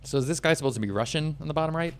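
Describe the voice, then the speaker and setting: A man's voice: a little high, racing, a little hiss or hum. A man casually streaming a video game, chatty and playful, reading chat aloud and commenting as he plays.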